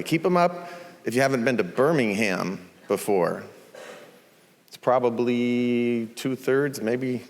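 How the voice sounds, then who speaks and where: A man welcoming a conference audience from the stage in a relaxed, conversational way, with frequent ums. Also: mid-range voice. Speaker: CEO hosting a conference. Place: large conference venue stage. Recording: long reverb of a large conference hall.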